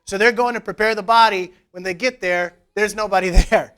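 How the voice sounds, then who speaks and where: A man's voice: sits high, fairly even intonation, brisk, fairly bright tone, smooth. A man preaching a conversational sermon in church, retelling scripture with casual, joking asides. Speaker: pastor. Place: church service.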